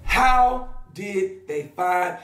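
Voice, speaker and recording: A woman hosting a gossip commentary show, telling the story in a blunt, profane, animated way. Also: mid-range voice, very slow, roomy sound. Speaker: host.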